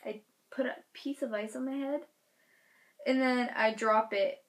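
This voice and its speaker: A teenage girl telling a storytime vlog, animated, acting out quotes with loud shouted bursts. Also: a little high, measured pace. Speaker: vlogger.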